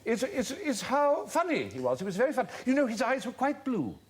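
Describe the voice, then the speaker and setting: A man's voice: very high-pitched, big pitch swings, brisk, pitched above the performer's own voice. A man doing a fluttery posh old lady. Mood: gushing.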